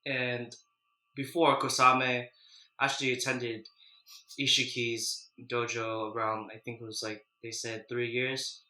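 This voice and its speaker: A man casually chatting while eating spicy noodles, clearing his throat and sniffling, then recapping an anime in a loose, rambling way. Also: mid-range voice, flat delivery, measured pace, bright, forceful tone, roomy sound, low-quality recording. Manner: chatty, loose, with frequent restarts and "you know". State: runny nose from spicy food, clearing throat. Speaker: mukbang vlogger.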